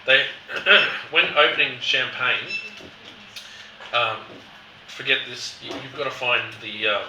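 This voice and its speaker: A man leading a casual wine tasting chat, animated and acting out quotes in a lively voice. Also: medium pitch, takes it slowly, noisy background. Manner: animated, acts out quotes with rising voice. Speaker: wine educator host. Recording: roomy, distant mic, faint background.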